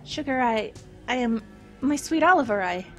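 A woman's voice: a little high, lively intonation, moderate pace, soft background music, pitched above the performer's own voice, natural voice. A woman voicing a sweet-talking female demon servant who coos pet names at her master, in a game read aloud. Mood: coaxing.

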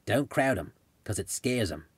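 A man's voice: lowish voice, animated, normal speed, breathy edge, no echo. Man putting on an easygoing older Australian kangaroo feeder. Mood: calm instructive. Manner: gentle, instructive.

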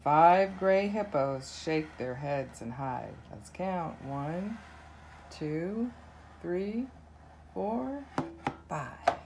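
A woman reading a children's counting book aloud, counting softly and slowly. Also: on the low side, animated, a little hiss or hum. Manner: slow, soft counting. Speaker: narrator.

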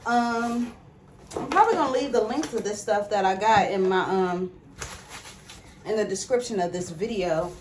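A woman's voice: mid-range voice, normal speed, pauses often, a little hiss or hum. A young woman vlogging casually from her bathroom at home, filming on a phone and chatting to viewers as "y'all".

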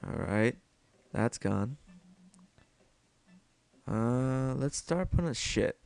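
A man's voice: medium pitch, animated, extremely slow, vocal fry, a little mellow. A young man giving casual solo gameplay commentary, self-mocking and swearing a lot as he mutters to himself.

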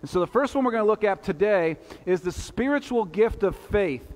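A man's voice: high voice, lively intonation, fairly quick, a little mellow. A male pastor preaching a sermon in a conversational style, with rhetorical asides to the congregation. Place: church sanctuary. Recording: long church reverb.

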